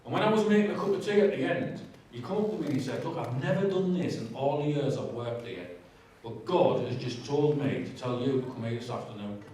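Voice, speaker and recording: A man's voice: mid-range voice, lively intonation, a little fast, hardly any pauses, mellow, a little hiss or hum. A man giving a candid, conversational personal testimony with humour in a large church hall. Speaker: guest speaker giving testimony. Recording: very echoey hall, distant mic.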